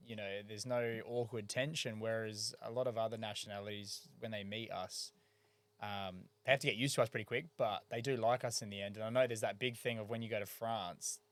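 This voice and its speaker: An Australian man with a slightly low voice, talking in an easy, chatty way. He agrees readily and keeps the conversation rolling in a casual podcast chat. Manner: chatty, agreeable, backchannels a lot. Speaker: podcast co-host or guest.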